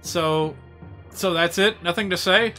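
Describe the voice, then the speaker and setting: A man streaming a video game, chatting in an excitable, rambling way with lots of asides. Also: sits high, unhurried, faint music behind. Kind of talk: casual gaming commentary.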